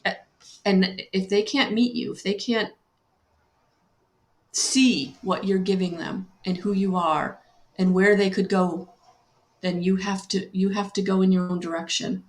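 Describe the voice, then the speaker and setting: A woman's voice: medium pitch, fairly even intonation. Soothing woman in an echoey room. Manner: slow, soothing and repetitive, greets viewers by name. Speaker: spiritual guidance reader. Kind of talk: live-stream spiritual guidance talk.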